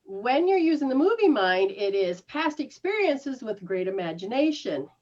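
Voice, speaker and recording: A woman's voice: on the high side, normal speed. A woman healer talks a client through her habits in a casual session. Her voice leaps up and down as she acts out startled reactions. The recording sounds muffled and lo-fi. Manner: animated, mimics reactions with gasps and laughs. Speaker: spiritual healer giving live sessions. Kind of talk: casual one-on-one coaching.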